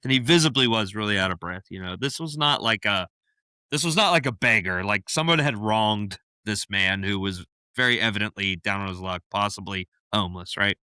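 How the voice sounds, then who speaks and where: A man's voice: lowish voice, a little fast, sharp tone, clean tone, no echo. A man co-hosting a podcast, telling a story in casual chat and laughing often mid-sentence. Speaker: podcast co-host.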